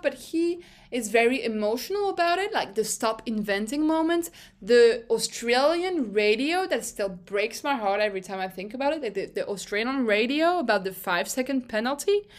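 Animated, opinionated young woman podcaster. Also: on the high side, moderate pace. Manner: animated, opinionated, swears freely. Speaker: podcast host. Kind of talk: casual solo podcast monologue.

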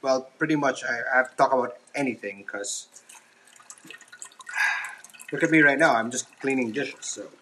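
With a mid-range voice that sounds pushed and bright, an adult father speaks at normal speed but leaves long pauses. He hosts a casual solo podcast from his kitchen while washing dishes, hesitant and self-conscious, with frequent ums and restarts. The recording is rough, with a little hiss or hum.

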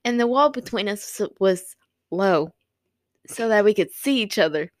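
A woman's voice: medium pitch, animated, unhurried. A woman chatting casually and reading funny stories aloud, giggly and playful, sometimes stumbling over words.

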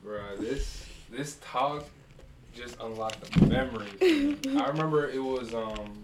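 A man's voice: medium pitch, sing-song, a little slow, echoey room, very noisy. A man hosting a podcast in casual chat, talking in a laid-back, slangy way and calling people bro. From New Jersey.

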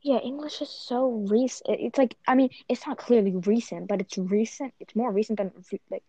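A woman's voice: a little high, a little fast, dark tone, no room sound. A young woman chatting casually with friends, rambling with lots of restarts and fillers. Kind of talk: casual chat among friends.

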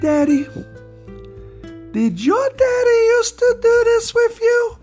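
A man imitating his young son as a five-year-old boy, in a high, slow, sing-song voice. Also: big pitch swings, darkish tone, faint music behind, full character voice. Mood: wondering. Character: small boy, around five, sweet and curious.

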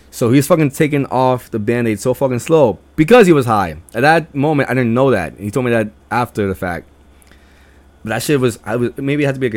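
Profane young man telling stories. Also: on the low side. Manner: profane, acts out friends' lines in a raised voice. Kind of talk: casual storytelling.

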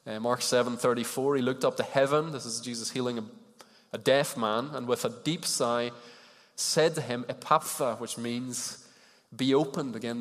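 A man's voice: mid-range voice, fairly bright tone. A man preaching a sermon in a conversational way, putting questions to the congregation. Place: church hall with congregation. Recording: long reverb of a large hall.

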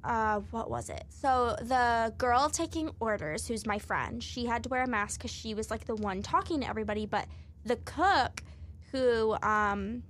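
A young woman in her twenties chatting casually, telling a story with many pauses and fillers. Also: a little high, a bit bright. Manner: hesitant, filler-heavy storytelling. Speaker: co-host. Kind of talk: casual chat.

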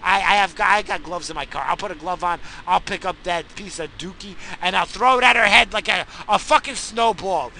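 Gravelly, sharp-voiced ranting man. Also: sits high, fairly quick, hardly any pauses, rough recording. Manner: swears constantly, bursts into shouting. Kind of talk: profane angry rant.

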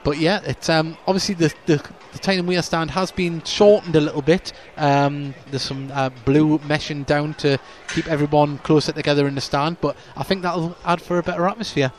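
Chatty match commentator. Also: male voice, on the high side, fairly even intonation, normal speed, few pauses, a little hiss or hum. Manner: chatty, rambling, stumbles over names. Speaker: club podcast host and match commentator. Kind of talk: pre-match radio-style commentary. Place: football stadium stand.

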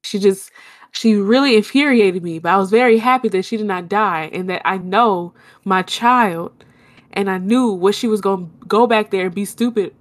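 A young woman, telling a long story in casual chat and acting out her own shouts. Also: medium pitch, normal speed.

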